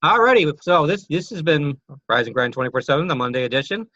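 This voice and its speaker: An easygoing man co-hosts a motivational chat show. His bright voice comes through dull, dry remote audio. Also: a little high, lively intonation, fast talker, dry recording. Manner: easygoing, agreeable, with fillers. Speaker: co-host.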